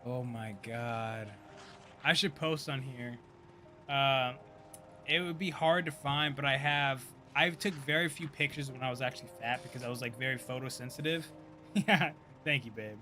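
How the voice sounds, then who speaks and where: A man in his thirties giving casual, profane live-stream commentary, chatty and quick to laugh. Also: mid-range voice, pushed and bright, faint music behind. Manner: loose, profane, laughs often, chatty asides.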